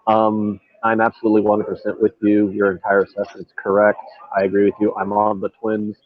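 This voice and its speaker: A man co-hosting a casual betting podcast, talking through his picks in a relaxed, agreeable way. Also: lowish voice, a little fast, dry recording. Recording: dull lo-fi audio, TV on behind. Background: a baseball game on TV.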